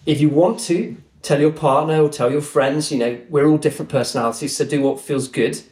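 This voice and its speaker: A man guest on a podcast, telling a story in an earnest, animated way. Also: on the high side, fairly quick. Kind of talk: conversational storytelling. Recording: roomy echo.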